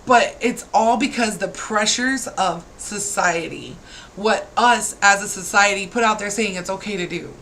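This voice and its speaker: A woman's voice: mid-range voice, a little slow, fairly bright tone, a little hiss or hum, rough recording. A woman in her thirties, a parent, ranting to camera with exasperated, scolding rhetorical questions. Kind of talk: heated rant to camera.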